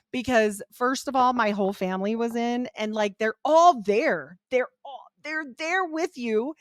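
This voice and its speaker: A middle-aged woman, a podcast guest, telling her life story in a candid, animated way. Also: a little high, measured pace, few pauses, dry recording, studio quality. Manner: animated, quotes people in voiced asides.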